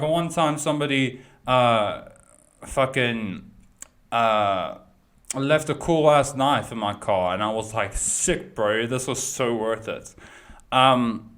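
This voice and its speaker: A man's voice: medium pitch, a bit bright. Brief: young male commentator, casual profane rant, rambling delivery. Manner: rambling, sweary, lots of fillers and restarts. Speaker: YouTube commentator.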